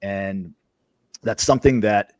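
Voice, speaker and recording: A man hosting a podcast, talking in a halting way and repeating words as he finds his thoughts. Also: on the low side, darkish tone, dry recording. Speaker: podcast host. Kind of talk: podcast interview.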